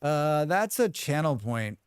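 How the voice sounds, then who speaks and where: A man's voice: fairly high pitch, big pitch swings, slow pace, background noise. A man livestreaming a game, chatting casually with viewers, humming and thanking them as he plays. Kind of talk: casual livestream chat while gaming.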